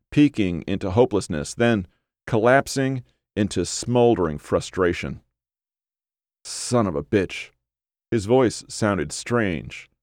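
Low-voiced male audiobook narrator. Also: darkish tone, no room sound, clean studio sound.

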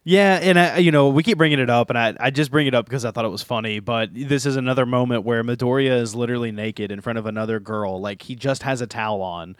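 A man co-hosting a podcast, chatting about an anime in an amused, lively way. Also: medium pitch, quick pace, hardly any pauses, clean tone, no echo, clean studio sound. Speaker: podcast co-host. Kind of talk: casual anime recap chat.

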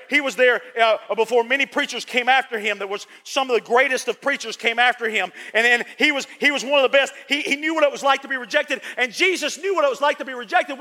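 A man with a very high, bright, forceful voice preaches a sermon, repeating phrases for emphasis. He swings from booming lines to hushed ones. Long reverb from the church hangs on his words. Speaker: pastor.

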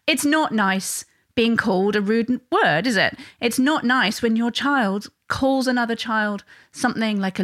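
A woman's voice: fairly high pitch, a bit bright. A woman, talking straight to viewers about parenting in a conversational way, often adding tag questions. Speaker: parenting educator.

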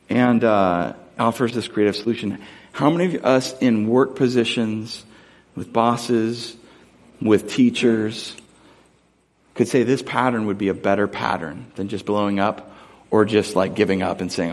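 A man's voice: mid-range voice, fairly even intonation, moderate pace, darkish tone. Earnest man preaching a sermon. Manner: earnest, conversational, asks the audience questions. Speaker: pastor.

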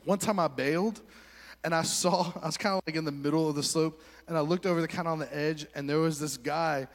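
Man, pastor, animated storytelling, slightly high voice, long hall reverb. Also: brisk. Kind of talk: sermon story.

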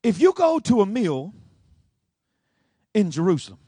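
A pastor preaching a sermon, swinging between shouting and a low, rhythmic delivery. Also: male voice, huge pitch swings, a little slow, breathy edge, no echo.

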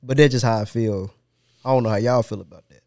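A man hosting a casual podcast, joking around in quick, slangy banter. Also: mid-range voice. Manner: animated, quick, joking, lots of slang and cursing. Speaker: podcast host.

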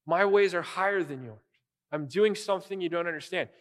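A calm, reassuring divine voice, as a preacher puts it on, pitched fairly high for a man. It carries a long reverb from a large hall. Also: fairly quick, lightly acted. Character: calm reassuring God, speaking to his people.

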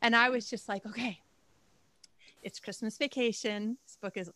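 A woman, an author, telling stories in a casual chat, animated and laughing often. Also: a little high, normal speed, no room sound. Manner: animated storyteller, laughs often, acts out her own thoughts. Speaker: romance author guest. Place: home, lives in Sweden.

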